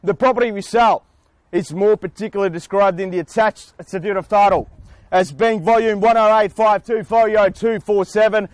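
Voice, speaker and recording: Man, auctioneer, high voice, booming sales patter, outdoors. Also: no room sound. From Australia. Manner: booming salesman patter with long theatrical pauses. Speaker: real estate auctioneer. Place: outdoors in front of a house.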